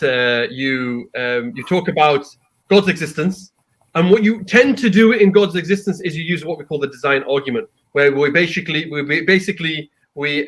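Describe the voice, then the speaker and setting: A man hosting a casual panel chat, prompting guests with quick upbeat affirmations. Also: fairly high pitch, fairly bright tone. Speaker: host.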